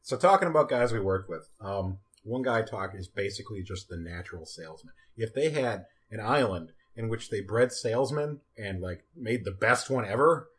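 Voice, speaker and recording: Animated storytelling man, lively pitch. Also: moderate pace, few pauses. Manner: animated, laughing storyteller who acts out quotes. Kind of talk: casual storytelling chat.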